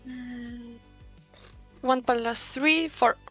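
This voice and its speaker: Slow-speaking woman player. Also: on the high side, fairly even intonation, pushed and bright, slightly rough, soft background music.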